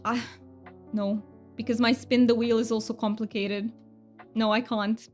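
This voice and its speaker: A woman's voice: fairly high pitch, level tone, measured pace, a little mellow, faint music behind. A woman game streamer chatting casually with her viewers, self-deprecating and thanking chat.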